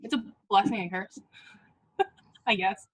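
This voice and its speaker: A woman in her twenties hosts a podcast, chatting casually, laughing often, and swearing freely. Her mid-range voice swings widely in pitch and moves at a slow pace, with background noise behind it.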